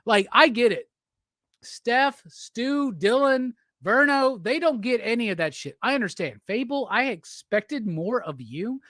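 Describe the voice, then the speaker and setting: A man's voice: very high voice, expressive, unhurried, pushed and bright, no room sound, clean studio sound. A man hosting a casual livestream chat, drunk, profane and teasing as he rambles. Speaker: livestream host.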